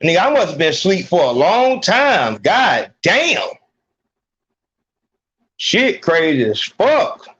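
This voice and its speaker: A man's voice: high voice, very animated, slow, long pauses, fairly bright tone, husky, muffled recording. A man hosting a podcast, ranting bluntly with heavy slang and swearing. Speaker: podcast host. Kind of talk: profane ranting commentary.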